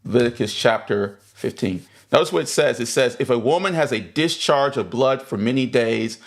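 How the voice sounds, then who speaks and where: A man's voice: medium pitch, animated, normal speed. A man leading a livestreamed Bible study who reads scripture aloud and then explains it, stressing key points again and again. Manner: greets viewers in the chat mid-lesson. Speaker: Bible teacher.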